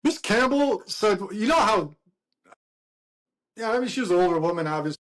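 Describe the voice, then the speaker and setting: Casting: middle-aged man, bar-talk guest, high voice, rambling storyteller. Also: moderate pace. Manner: rambling, laughing, quotes others in animated voices. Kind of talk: casual storytelling chat.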